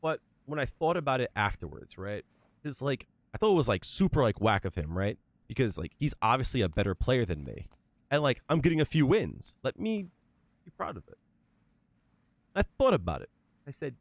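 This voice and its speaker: A man's voice: medium pitch, big pitch swings, a little fast, dry recording. A man streaming and chatting casually, telling stories in a profane, emphatic way. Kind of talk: casual livestream chat.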